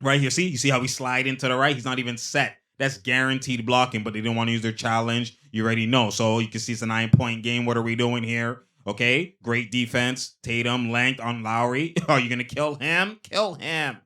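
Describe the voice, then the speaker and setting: A man talks through basketball replays in a loose, slang-heavy way, laughing often as he points out plays. His voice sits in an ordinary middle pitch. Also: fairly quick, hardly any pauses. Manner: excitable, slangy, laughs often between remarks. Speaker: host. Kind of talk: casual basketball replay breakdown.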